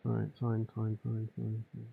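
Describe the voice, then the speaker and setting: A man's voice: on the low side, monotone, normal speed, gravelly, narrow, tinny audio, a little hiss or hum. A man doing let's play commentary, thinking aloud and muttering to himself while he works through a puzzle. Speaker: gamer.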